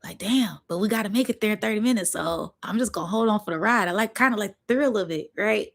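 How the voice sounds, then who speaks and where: A woman vlogger telling a story in a casual, animated, slangy way, with spoken sound effects. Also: medium pitch, fast talker, gravelly.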